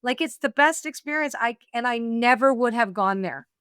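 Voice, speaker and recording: A woman being interviewed, telling a personal story in a lively, laughing way and acting out what she and others said. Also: on the high side, moderate pace, smooth, no room sound, clean studio sound. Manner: animated, laughing storyteller, acts out her own quotes. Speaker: guest, oracle deck author.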